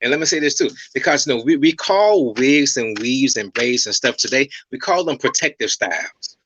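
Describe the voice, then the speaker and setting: A man's voice: medium pitch, expressive, moderate pace, a bit bright, dull audio, slight background noise. A man speaking as a guest hair stylist in a casual interview. He explains through stories and keeps checking in with "okay?" and "right?". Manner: storytelling, repeats himself, checks in with "okay?" and "right?".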